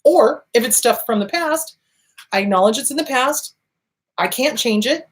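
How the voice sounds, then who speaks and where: A woman therapist talking through advice in a loose, casual monologue. Her voice sits a bit high and swings widely in pitch. She swears freely and jumps into acted-out voices. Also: animated, normal speed. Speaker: therapist and podcast host.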